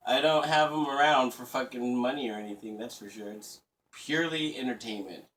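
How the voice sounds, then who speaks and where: A man's voice: mid-range voice, fairly quick, fairly bright tone, a little hiss or hum. Profane, rambling man, off-mic. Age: 30s. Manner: crude, profane, rambling, sarcastic. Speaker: vlogger. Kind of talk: casual rambling rant. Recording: voice a bit distant from the mic.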